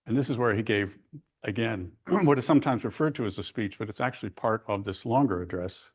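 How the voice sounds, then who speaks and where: A man giving an academic history lecture, telling stories in a lively, conversational way with asides to the audience. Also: fairly low pitch, fairly quick, breathy edge.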